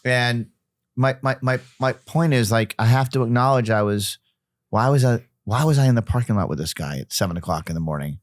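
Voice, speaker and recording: A man's voice: medium pitch, a little fast, no room sound, clean studio sound. A middle-aged man, a podcast guest, talking casually and emphatically, often repeating himself and restarting sentences.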